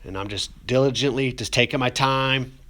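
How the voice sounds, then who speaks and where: At a normal pace, a man's bright, forceful, mid-range voice guides viewers through a ceramics glazing demonstration in a classroom video. He's casual and rambling with many fillers, and jokes about "getting emotional."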